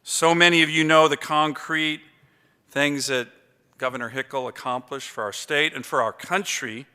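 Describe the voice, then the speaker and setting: A man's voice: a little high, steady tone, moderate pace, sharp tone, clean tone. A man in his fifties giving an after-dinner award acceptance speech, telling chatty stories with many fillers. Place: large banquet hall. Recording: long reverb of a big hall.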